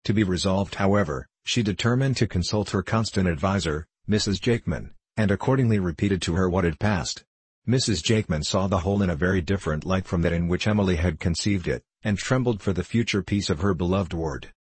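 A man narrating a classic novel in a measured, formal reading. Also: sits low, husky, no echo. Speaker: audiobook narrator.

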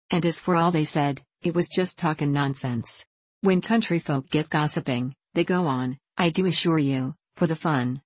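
A woman's voice: sits low, a little mellow, dry recording. A woman voicing an outspoken young country cook with homely speech in a storybook reading. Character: plain, bold young country girl, a cook.

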